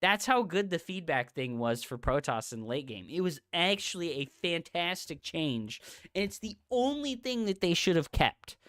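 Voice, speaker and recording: On a livestream, a woman game streamer rants with a deep yet fairly bright voice, recorded in clean studio quality without echo. She's profane, exasperated, and mocking, repeating her jabs over and over.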